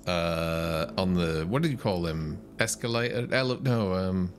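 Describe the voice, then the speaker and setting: Chatty lower-voiced male podcast co-host. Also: animated, a little slow. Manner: enthusiastic, chatty, laughs at lines. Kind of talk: casual film chat. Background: faint synth music.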